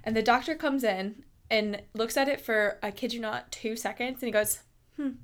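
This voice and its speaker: A young woman in her twenties hosts a podcast and tells a personal story. Her voice sits on the high side at normal speed, and she's casual and animated, laughing often and using lots of fillers.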